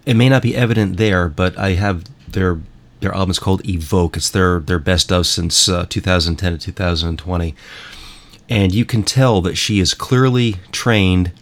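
Male host, lowish voice, rambling and emphatic, casual monologue between songs. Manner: rambling, emphatic, repeats himself. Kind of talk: casual monologue playing music clips.

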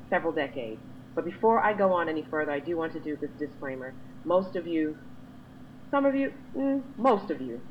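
A woman vlogger talking straight to camera in a lecturing, emphatic way, with her pitch jumping high when she is exasperated. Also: lo-fi sound, a little hiss or hum. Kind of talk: to-camera monologue.

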